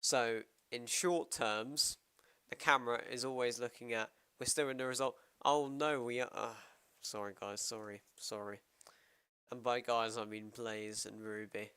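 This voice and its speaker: Bright, crisp British coder talking aloud. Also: male voice, medium pitch, steady tone, a little slow, dry recording. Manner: rambling, self-interrupting, thinking aloud. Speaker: programmer streamer. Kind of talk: casual coding livestream.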